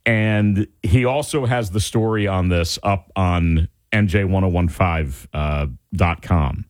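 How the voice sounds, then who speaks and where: A male radio talk show host giving his indignant opinions in an animated way. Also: deep voice, takes it slowly. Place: radio studio.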